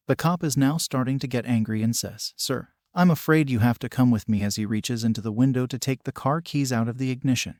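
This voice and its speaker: A man's voice: mid-range voice, brisk, hardly any pauses, a little mellow, no room sound, clean studio sound. Matter-of-fact man narrating jokes. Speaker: joke narrator. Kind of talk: scripted joke narration.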